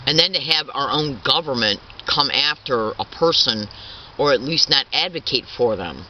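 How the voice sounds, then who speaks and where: A man in his fifties, an activist giving an impassioned statement, halting and repetitive, full of restarts and insistent indignation. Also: medium pitch, animated. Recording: dull distant recording with faint traffic.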